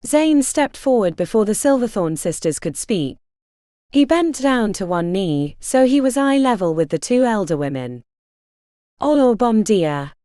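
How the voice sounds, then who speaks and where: A woman narrating a fantasy audiobook in an expressive storytelling manner. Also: medium pitch, no room sound, studio quality.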